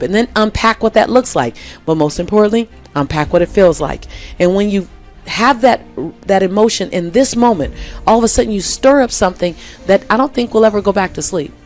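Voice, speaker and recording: A woman guest in a conversational interview, speaking emphatically and repeating key phrases for effect. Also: medium pitch.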